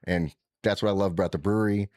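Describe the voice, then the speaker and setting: Guy, low voice, rambling cursing storyteller, dry close sound. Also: quick pace, dry recording. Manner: rambling, animated, profane, restarts often. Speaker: podcast co-host telling a trip story. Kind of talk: casual storytelling chat.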